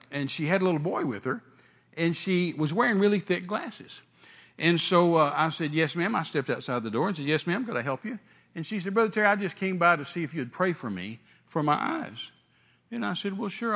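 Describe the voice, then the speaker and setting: Older male preacher with a drawl, slightly high voice, emphatic and repetitive, hall reverb. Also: expressive, a little fast, fairly bright tone. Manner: emphatic, repetitive, stammering restarts. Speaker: evangelist preacher. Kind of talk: sermon storytelling.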